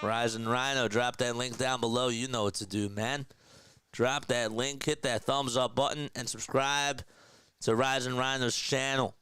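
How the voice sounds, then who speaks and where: A man calling a basketball game play-by-play on a home stream, getting loud and excited on big shots and chatting casually with viewers between plays. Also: medium pitch, unhurried, clean tone. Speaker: play-by-play caller. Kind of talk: live basketball play-by-play with chat asides.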